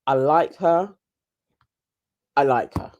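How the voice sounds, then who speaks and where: A woman's voice: deep voice, slow, a little mellow, lo-fi sound. A woman co-hosting a casual chat, chatty and giggly, laughing often. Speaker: co-host reviewing a reality show.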